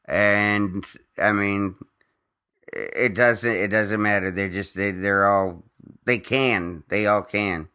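A man's voice: lowish voice, fairly even intonation, takes it slowly, pushed and bright, smooth. A man hosting a podcast in casual chat, telling a rambling story with lots of restarts and swearing. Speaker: podcast host.

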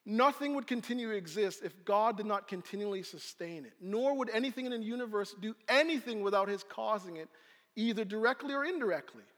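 A man preaches with a high, bright voice, acting out the scene he describes. His words ring through a large room with a long reverb trailing behind them. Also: a little fast. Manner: animated storyteller, acts out scenes. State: out of breath. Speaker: pastor. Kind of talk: sermon.

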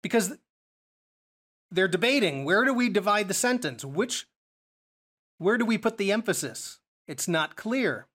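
A man's voice: high-pitched, lively intonation, measured pace, pauses often, fairly bright tone. A man teaching a Bible study lesson, explaining verses and asking rhetorical questions as he goes.

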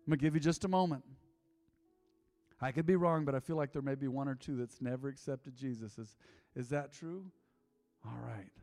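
A middle-aged man preaching as a pastor, telling a confessional story with jokes, then leading an altar call, his voice swinging from loud to hushed. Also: mid-range voice, moderate pace, long pauses, faint music behind. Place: church sanctuary. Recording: long hall reverb.

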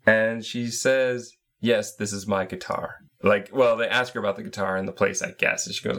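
Low-voiced guy walking through game scenes on a podcast, step by step. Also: fairly even intonation, normal speed, few pauses, fairly bright tone. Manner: recaps scenes methodically, with short laughs. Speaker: podcast co-host. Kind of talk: casual game discussion podcast.

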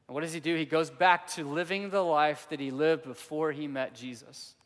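Guy preaching a sermon, kinda high voice, acts out the quotes, goes loud then quiet, long echo in a big church. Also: steady tone, moderate pace. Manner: storytelling with acted-out quotes, swinging from loud to hushed. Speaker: pastor.

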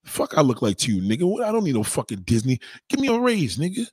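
A husky man on a heated, swearing rant. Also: medium pitch, wildly swooping pitch, fast talker, no room sound. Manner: heated, emphatic, swings between loud outbursts and muttering. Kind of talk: profane ranting monologue.

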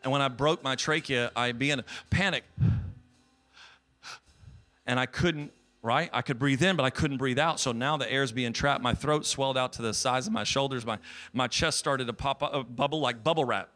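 A young man preaching a sermon as a guest pastor, telling a personal story that builds to shouted praise. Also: medium pitch, moderate pace.

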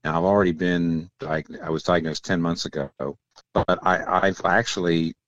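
An older man with a very deep voice explains theological ideas as a radio guest, thinking aloud and often restarting. The sound is dry and close, with no room echo. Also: level tone, normal speed, a bit bright, dull audio. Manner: thoughtful, explanatory, with many restarts. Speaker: guest pastor and author.

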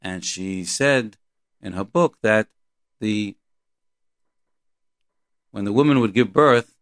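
A man delivers a Torah lecture in a somewhat low voice, moving between Hebrew verses and his own explanations. He talks in a halting, repetitive way but stays earnest and emphatic. The recording is dry and close. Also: no echo. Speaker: Torah teacher.

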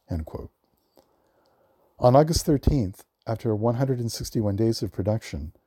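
A man reading a prepared film history at a measured storytelling pace, lifting his voice for the quotes he reads. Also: fairly low pitch, dark tone, slightly rough, dry recording, studio quality. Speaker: film librarian guest.

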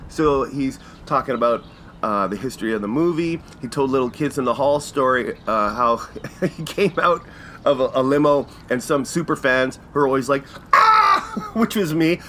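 Animated Canadian man telling a story. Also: normal speed, a little hiss or hum. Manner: animated, laughing, acts out quotes in jumpy high voices. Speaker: podcast host. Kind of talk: casual storytelling monologue.

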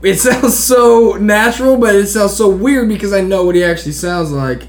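A man's voice: high voice, normal speed, echoey room. A man interviewing in a casual comedic chat, rambling and stumbling over his words. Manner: rambling, stumbling, laughs often. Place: room in Oregon.

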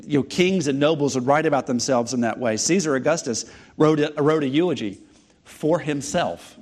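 A man preaching a sermon, teaching from scripture with emphatic repetition and rhetorical questions. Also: mid-range voice. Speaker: pastor.

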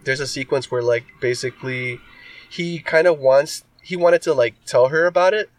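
A man's voice: mid-range voice, moderate pace, distant mic. A man co-hosting a casual podcast chat. He rambles and packs his talk with "like" and "um". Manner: rambling, filler-heavy with many likes and ums. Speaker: podcast co-host.

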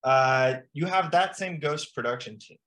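A man's voice: on the high side, moderate pace, a bit bright. A young man co-hosting a comedy podcast, explaining nonsense like a mock expert with rambling, filler-laden speech. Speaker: podcast co-host. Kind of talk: improvised comedy podcast chat.

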